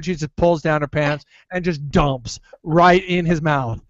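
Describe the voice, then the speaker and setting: A man chatting casually on a podcast, deadpan, with crude jokes and hesitant ums. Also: a little high, measured pace, hardly any pauses, dry recording, muffled recording. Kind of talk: casual chat.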